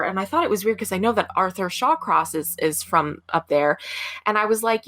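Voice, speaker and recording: A woman's voice: medium pitch, moderate pace, sharp tone, no echo. A woman podcast co-host telling a story in a casual, chatty way, full of fillers. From American Midwest. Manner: chatty, many fillers like "like" and "you know".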